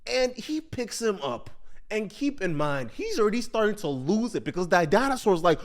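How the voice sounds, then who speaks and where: A man recapping a TV show in casual commentary, talking in an animated, slangy way and often repeating himself. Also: high voice, normal speed.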